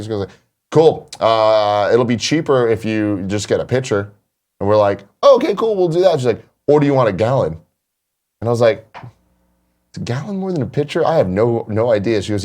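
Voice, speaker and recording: Guy host in his 30s ranting a funny story, swears a lot, normal pitch. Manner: animated storyteller, swears freely. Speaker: show host. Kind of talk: casual chat.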